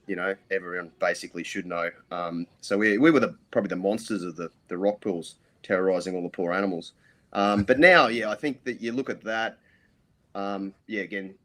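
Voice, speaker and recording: A middle-aged Australian man, a podcast guest, telling rambling stories full of ums and restarts. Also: fairly low pitch. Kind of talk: casual interview storytelling.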